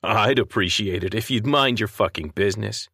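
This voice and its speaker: Narrator as a large, surly businessman; low and growling, crude. Audio story. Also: moderate pace, pushed and bright, husky, no echo, clean studio sound, heavily acted. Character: big rude grumbling businessman.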